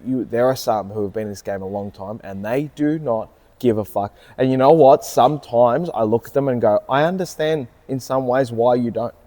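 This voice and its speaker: A man's voice: medium pitch, normal speed, few pauses, mellow, long reverb tail. A man, co-hosting a casual chat, telling stories earnestly and with animation. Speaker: podcast co-host, car salesman.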